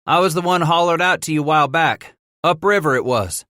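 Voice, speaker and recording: A man's voice: a little high, a little fast, pushed and bright, dry recording, clean studio sound, pitched above the performer's own voice. A man voicing a hungry, shy runaway boy who stammers eagerly. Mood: earnest.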